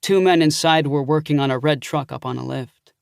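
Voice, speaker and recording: A man's voice: fairly high pitch, fairly quick, vocal fry, clear, resonant tone, no echo, clean studio sound. A man narrating an audiobook thriller in the first person, reading steadily.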